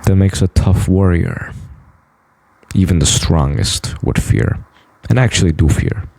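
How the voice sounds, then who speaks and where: A man's voice: low-pitched, unhurried, gravelly, a little mellow. A man in a boastful, blunt, profane monologue to camera. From United States. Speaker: vlogger.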